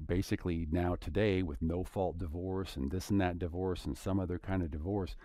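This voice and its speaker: Male Bible teacher, lowish mellow voice, dry close sound, earnest and conversational. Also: fairly even intonation, fairly quick, no room sound. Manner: conversational, earnest, paraphrases scripture casually. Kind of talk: scripture teaching.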